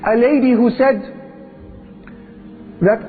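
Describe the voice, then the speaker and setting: A man's voice: very high-pitched, normal speed, pauses often, a little hiss or hum. A man preaching, telling a story dramatically and acting out voices. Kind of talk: religious talk. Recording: tinny phone-like audio.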